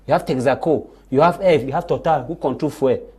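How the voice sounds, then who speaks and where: Fast-talking man debating. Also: mid-range voice, mellow, husky. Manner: emphatic, repeats words and restarts when pressed. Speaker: panelist. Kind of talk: live TV panel debate.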